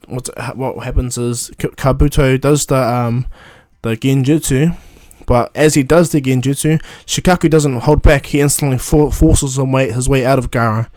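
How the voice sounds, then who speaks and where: A man's voice: medium pitch, darkish tone, no room sound. A man retelling a fan story casually, rambling with many fillers and restarts.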